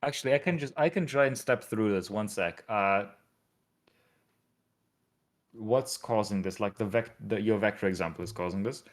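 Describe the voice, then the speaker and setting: Rambling northern English man, low voice. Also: normal speed, pauses often. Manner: rambling, animated explainer. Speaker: streamer building a compiler. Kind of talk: casual live-stream chat.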